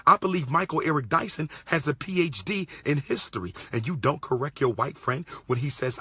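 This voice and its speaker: Indignant man with a bright, husky voice. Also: mid-range voice, lively intonation, a little fast, few pauses, no room sound. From Pennsylvania, USA. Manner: indignant, repeats lines, fires rhetorical questions. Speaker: commentator. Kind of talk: impassioned monologue.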